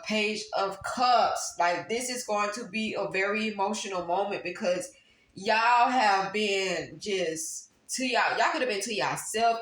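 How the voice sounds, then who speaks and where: Woman tarot reader, casual and emphatic, mid-range pitch, roomy echo. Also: fairly bright tone. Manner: emphatic, repeats phrases for stress. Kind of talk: casual tarot reading to viewers. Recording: roomy echo, faint background noise.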